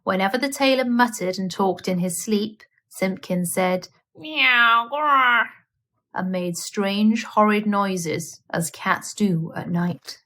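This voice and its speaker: A woman reading a children's bedtime story aloud in a gentle, expressive manner. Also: fairly low pitch, unhurried, few pauses.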